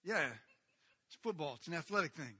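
A man preaching a sermon in a lively, storytelling way, acting out the people in the story. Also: fairly high pitch, a little fast, slightly rough, no echo. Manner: animated, acts out the people in the story. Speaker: pastor.

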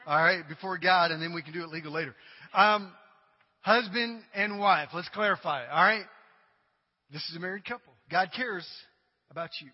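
A male pastor preaching a sermon to his congregation, dramatic and humorous, swinging from loud cries to quiet asides. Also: high-pitched, moderate pace. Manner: humorous, addresses the congregation directly. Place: church sanctuary. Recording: dull recording with long hall reverb.

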